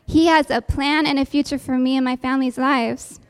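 A woman's voice: sits high, steady tone, moderate pace, clear, resonant tone, no echo. A woman giving an earnest sermon-style testimony to a congregation, calling out for amens. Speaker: church speaker giving a testimony. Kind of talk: sermon with a recited poem.

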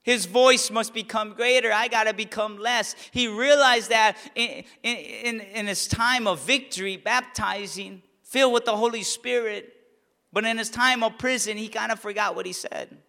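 A man with a high, bright voice preaches a sermon, building to fervent near-shouts on key lines. His words ring out through a church sanctuary with a long, lingering reverb. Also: moderate pace, vocal fry. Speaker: pastor.

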